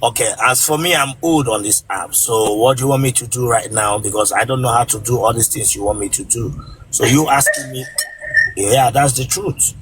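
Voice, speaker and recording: A man with a Nigerian accent whose first language is Igbo, hosting a comic live stream in a blunt, teasing way and breaking into shouts. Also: mid-range voice, moderate pace, background noise. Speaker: comedian host of a live stream.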